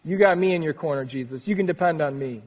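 A man's voice: on the high side, fast, pitched below the performer's own voice, close to an everyday voice. A man voicing a boastful, overconfident male disciple in a breezy, cocky way. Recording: reverberant hall, dull sound.

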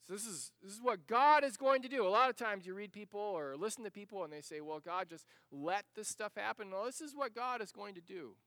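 A man preaching a sermon, dramatic, dropping to a hush and then rising to loud emphasis as he acts out passages. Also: high voice, a little fast, hardly any pauses, dry recording. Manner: dramatic, shifts between hushed and loud; acts out the scripture passages he reads.

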